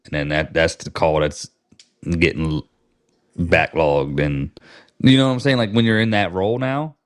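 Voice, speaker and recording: A man's voice: rumbling low, no room sound, clean studio sound. An American man co-hosting a casual podcast, a tradesman who runs a business and talks bluntly with slang and swearing. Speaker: podcast co-host, HVAC business owner. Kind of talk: casual chat.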